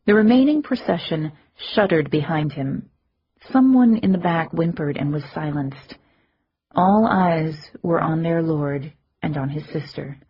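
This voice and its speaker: A woman narrating a fantasy audiobook in a measured, dramatic first-person reading. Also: low-pitched, lo-fi sound, a little hiss or hum.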